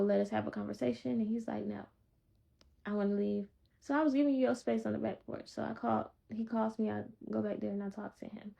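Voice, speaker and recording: A woman telling a personal testimony in a calm, blunt, straightforward way. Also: medium pitch, creaky. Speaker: vlogger sharing a personal testimony. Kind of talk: casual storytelling. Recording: dull lo-fi recording.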